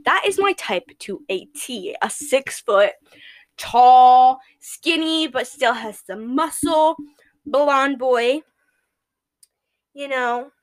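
Teen girl, high voice, giggly solo podcast host, loose gushing chat. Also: lively intonation, slow pace. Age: teens. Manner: giggly, gushing, laughs at her own jokes.

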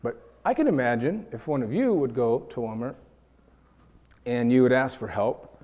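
Male preacher from New York, mid-range voice, lively sermon delivery, acts out quoted voices, large reverberant hall. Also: mid-range voice, moderate pace. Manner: animated, acts out quoted voices, repeats words when building a point.

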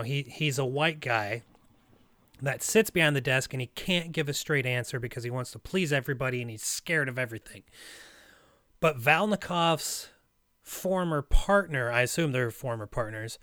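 A man's voice: mid-range voice, bright, forceful tone, no room sound. Chatty male movie reviewer, dry sound. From Russia. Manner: rambling, analytical, many fillers and restarts. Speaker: podcast co-host, movie reviewer. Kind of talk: casual movie discussion.

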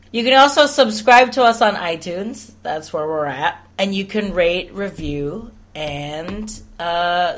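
A male podcast co-host chatting casually, his delivery playful and teasing. He slips easily into laughter and keeps a light, joking tone while reading out plugs and picks. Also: high voice. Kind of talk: casual chat.

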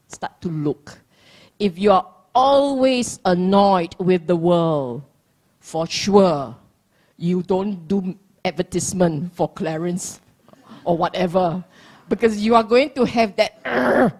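Slow, husky woman giving a dharma talk. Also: on the low side, darkish tone. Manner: playful, teasing, laughs often. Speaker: dharma teacher.

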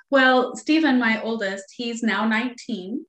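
A woman's voice: a little high, lively intonation, slow, a bit bright. A woman in her forties, a guest, telling a personal story earnestly and animatedly. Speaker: guest, author and mother. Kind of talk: conversational storytelling. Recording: roomy echo.

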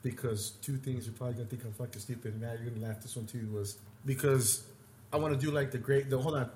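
A man co-hosting a podcast, telling stories in a rambling, profane and animated way. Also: medium pitch, fast. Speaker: podcast co-host. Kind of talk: casual storytelling chat. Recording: echoey room with faint noise.

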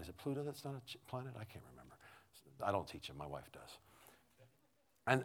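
A middle-aged man preaching in a conversational storytelling way, halting and restarting often, dropping to a hush and then rising loud. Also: medium pitch, big pitch swings. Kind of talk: storytelling sermon.

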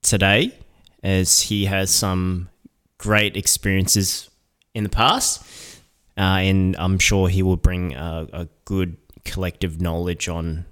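A man co-hosting a podcast, chatting casually in a relaxed, rambling way with loose slang. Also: deep voice, takes it slowly. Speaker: podcast co-host.

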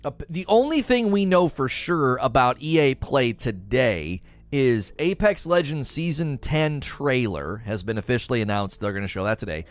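A man's voice: medium pitch, sing-song, moderate pace. A man chatting casually on a livestream, reading chat messages aloud and telling rambling stories. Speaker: streamer.

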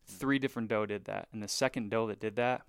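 A man with a smooth, low voice tells a hunting tale on a podcast. He talks in an animated, loose way, full of fillers, and sometimes sinks into hushed asides. The sound is dry and close. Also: fast talker, no echo. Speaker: bowhunter guest. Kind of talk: casual podcast storytelling.

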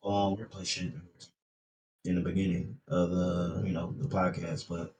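A young man co-hosting a podcast, telling work stories in a casual, profane, animated way. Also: sits low, unhurried. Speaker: podcast co-host. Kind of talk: casual chat.

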